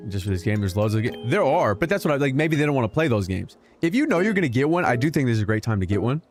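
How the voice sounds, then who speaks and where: A young man streaming a game, giving casual commentary that is joking, animated and full of swearing. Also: mid-range voice, very fast. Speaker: gaming streamer. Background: game music.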